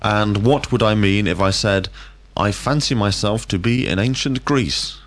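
A man teaching vocabulary, asking drill questions in a clear, deliberate way. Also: on the low side. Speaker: language teacher. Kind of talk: scripted drill lesson.

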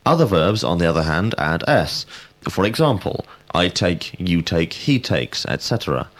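A man giving a scripted grammar lesson, speaking in a measured, precise way and prompting answers. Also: low-pitched, big pitch swings. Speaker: language teacher.

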